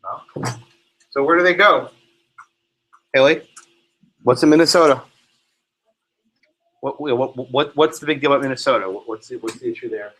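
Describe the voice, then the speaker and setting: Male law professor, bright forceful voice, Socratic questioning, classroom. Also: mid-range voice, normal speed, pauses often, breathy edge, low-quality recording. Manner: questions students by name, frequent "right?" and "okay?".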